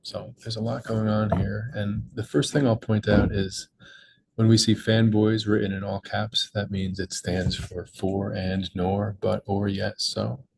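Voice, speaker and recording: A man's voice: lowish voice, little pitch movement, measured pace, gravelly, background noise. A young man patiently explaining crossword clues in a tutorial, with small slips and restarts. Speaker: crossword puzzle maker and teacher. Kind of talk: screen-recorded tutorial walkthrough.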